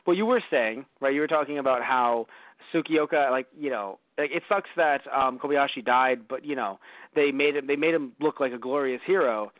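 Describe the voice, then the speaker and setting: A man's voice: mid-range voice, normal speed, no echo. Rambling man hosting on lo-fi line. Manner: rambling, lots of fillers and restarts. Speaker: podcast host. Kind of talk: casual movie review chat. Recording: dry, phone-like lo-fi audio.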